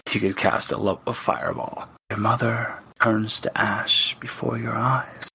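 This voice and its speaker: A man's voice: lowish voice, fairly even intonation, a little slow, creaky, sharp tone, slight background noise. A man narrating a tabletop game as game master, speaking dramatically to the player and often dropping to a whisper.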